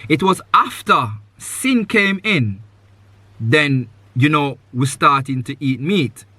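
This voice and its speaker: Speaking slowly in a slightly high, animated voice with a sharp edge and no echo, a man hosts a live podcast. He earnestly advises his guest, circling back to his key points, his loose phrasing thick with "you know."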